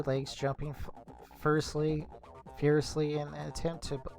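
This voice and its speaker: A man's voice: fairly high pitch, gravelly, a little mellow. A young man streaming, reading a visual novel aloud casually, correcting his slips as he goes.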